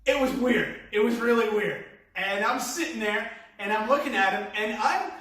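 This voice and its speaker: A man telling a stand-up story with a New York accent, acting out the voices of the people in it with big swings. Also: normal speed. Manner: animated, acts out quotes with big pitch swings. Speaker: comedian. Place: live stand-up venue. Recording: echoey room from far off.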